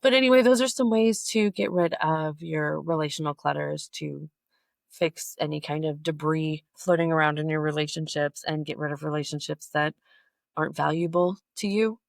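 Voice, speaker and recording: A middle-aged woman talks straight to her listeners in a candid, blunt, conversational way, as a podcast host on personal growth. Her voice has a gravelly fry to it, and it sounds dry and close. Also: normal speed, no room sound. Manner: candid, blunt and conversational, acting out quoted people in a higher voice. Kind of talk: solo personal growth talk.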